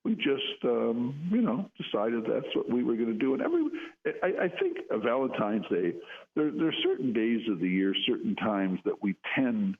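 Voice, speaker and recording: A man's voice: medium pitch, sing-song, moderate pace. An older man in radio chat, speaking earnestly and often restarting his sentences. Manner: earnest, repeats words when starting sentences. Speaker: psychologist guest. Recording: tinny phone-like line.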